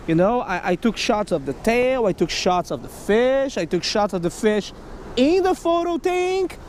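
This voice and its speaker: A man narrating his own fishing vlog outdoors at a creek, excitable, talking to himself and the fish and shouting when he gets excited. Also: very high voice, a little slow, slight background noise. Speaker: fishing vlogger.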